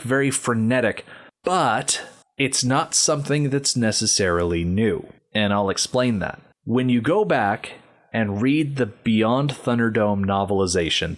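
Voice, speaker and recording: A man hosting a podcast, talking through a film scene in a measured, explanatory way. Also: fairly low pitch, a bit bright. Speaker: podcast host. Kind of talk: casual film discussion.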